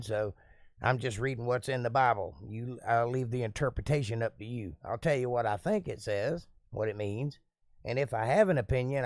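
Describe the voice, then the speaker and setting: A relaxed man chats his way through a live stream, reading out viewer comments and answering each one in a folksy, easygoing way. His voice sits at a middle pitch and sounds close and dry, with no room around it. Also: no echo.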